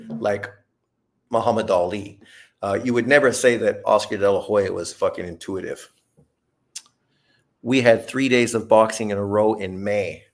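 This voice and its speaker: A man's voice: lowish voice, gravelly. A man in his fifties telling rambling, profane stories in a casual livestream chat. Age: 50s. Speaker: boxing livestream host.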